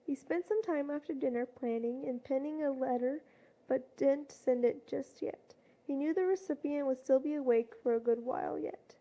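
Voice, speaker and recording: A woman reading a fanfiction story aloud in a plain storytelling way, with louder voices for quoted shouts. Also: high voice, muffled recording. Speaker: fanfiction reader.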